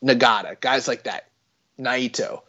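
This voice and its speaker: A man co-hosting a podcast, talking in a loose, rambling way with jokes and casual swearing. His voice sits at an ordinary pitch. The recording is dull and lo-fi. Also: a little slow, pushed and bright. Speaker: podcast co-host. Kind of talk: casual wrestling chat.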